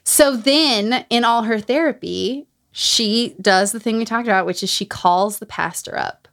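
A woman hosting a casual podcast, recapping a memoir and acting out quotes with big jumps in pitch. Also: unhurried, gravelly, a bit bright. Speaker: podcast host. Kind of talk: casual book recap chat.

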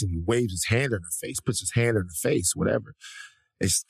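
A man's voice: lowish voice, fast talker, vocal fry, slightly rough, dry recording. A male podcast co-host telling a story with energy and profanity, acting out the people in it. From Africa. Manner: lively, profane, mimics people in his stories. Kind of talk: animated storytelling chat.

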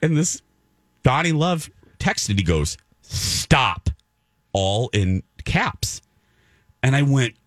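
A male radio host tells a story in a casual way, acting out his own reactions. His pitch swings widely. The studio sound is dry and close. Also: very animated, takes it slowly, pauses often, no echo.

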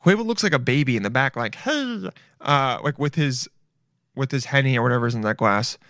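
A man's voice: mid-range voice, animated, fast talker, a bit bright, no room sound, studio quality. Rambling, joking male podcast host. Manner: rambling, swears, keeps saying "dude". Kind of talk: casual comedic commentary.

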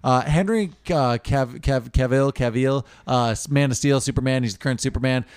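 A man's voice: mid-range voice, normal speed, a little mellow, smooth, no room sound, clean studio sound. A man co-hosting a casual movie podcast, laid-back, laughing often and trailing off with fillers. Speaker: podcast co-host.

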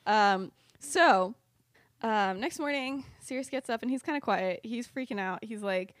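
A woman's voice: on the high side, unhurried, no room sound, clean studio sound. A young woman hosting a podcast, casually retelling a story in a rambling, giggly way full of "like"s and restarts. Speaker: podcast host.

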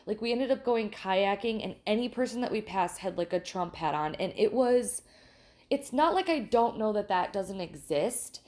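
A woman co-hosting a podcast, telling a story in casual, animated chat, swearing freely and restarting her sentences often. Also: mid-range voice, moderate pace. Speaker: podcast co-host.

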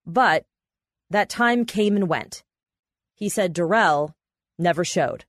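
A woman reporter and podcast host, telling a court story in measured, matter-of-fact scripted narration. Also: fairly low pitch, animated, no room sound, studio quality.

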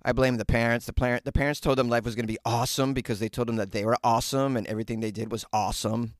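A man's voice: mid-range voice, little pitch movement, very fast, no echo. Man, comedian host, wry, mocking, mid-range voice, dry closet sound. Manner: wry, mocking, laughs often. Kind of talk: casual comic news commentary. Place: small closet.

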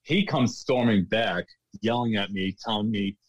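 A man's voice: lowish voice, normal speed, dry recording, muffled recording. Laughing, rambling male storyteller. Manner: animated storyteller, laughs often, restarts sentences. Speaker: guest, former casino bartender. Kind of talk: casual storytelling interview.

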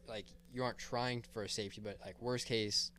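A man co-hosting a sports podcast, quickly arguing a game decision in casual chat. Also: fairly low pitch, fairly even intonation, a bit bright, slight background noise. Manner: quick, opinionated explaining. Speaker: podcast co-host.

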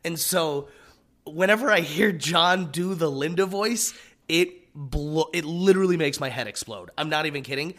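A man co-hosting a podcast in casual chat, an excitable fan gushing about a show. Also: a little high, normal speed. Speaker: podcast co-host.

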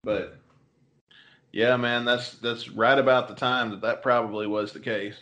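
A man's voice: medium pitch, little pitch movement, measured pace, sharp tone, lo-fi sound. A man co-hosting a casual comedy podcast, joking and swearing freely. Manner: profane, joking, slips into a put-on Boston voice for stories. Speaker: podcast co-host.

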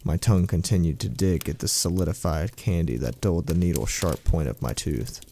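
A man reading a first-person horror story aloud as a storyteller, in a slow, brooding way. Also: deep voice, lively intonation, creaky, mellow, slight background noise.

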